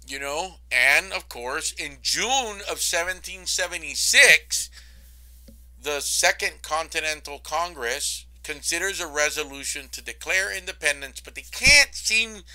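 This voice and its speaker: Casual, lively male history lecturer. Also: rough recording. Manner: casual, animated storytelling with frequent "okay?" and "I mean"; voices historical figures in a low, mumbled aside. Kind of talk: recorded college lecture.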